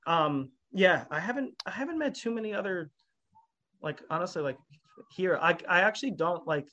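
A male podcast guest with a slightly higher voice tells stories in a loose, animated way. He rambles and piles on fillers as he goes. His pitch lifts and bounces as he gets excited. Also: normal speed, dull audio. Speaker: guest musician. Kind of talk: casual podcast chat.

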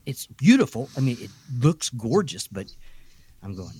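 A man's voice: mid-range voice, normal speed, slightly rough, no room sound. A man on a podcast telling a ghost story in a rambling, casual way, full of restarts and asides. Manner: chatty, animated storytelling. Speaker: podcast co-host.

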